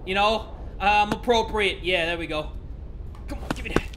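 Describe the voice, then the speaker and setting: A young man giving joking let's-play commentary, excitable and crude, with sudden loud outbursts. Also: high-pitched, normal speed, noisy background. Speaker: gaming YouTuber.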